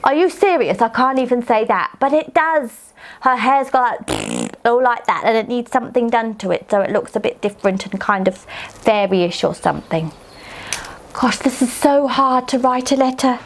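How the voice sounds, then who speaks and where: A woman's voice: on the high side, normal speed. A woman doing a cheeky little fairy girl. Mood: chatty. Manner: animated, childlike, talks straight to the listener. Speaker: children's storyteller. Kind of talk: children's storytelling.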